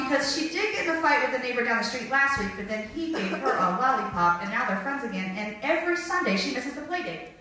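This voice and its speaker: High, lively woman comedian in an echoey hall. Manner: chatty, self-mocking, jumps into high squeaky voices for quotes. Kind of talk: stand-up storytelling. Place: stage before a live audience. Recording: distant mic in an echoey hall with faint noise.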